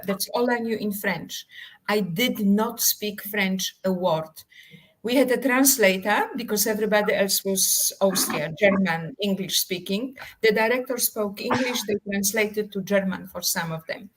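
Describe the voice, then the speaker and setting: Woman guest, dramatic storyteller, slightly non-native English, mid-pitched. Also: moderate pace, poor audio. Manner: dramatic storyteller, emphatic and theatrical. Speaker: author and actress, guest. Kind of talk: animated anecdote in a live interview.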